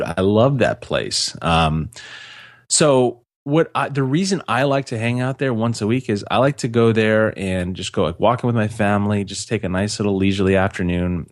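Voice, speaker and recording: Guy rambling on a podcast, kinda low voice, super dry close mic, lots of ums and restarts. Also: no echo. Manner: rambling, many fillers and restarts, laughs easily. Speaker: podcast co-host. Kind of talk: casual podcast chat.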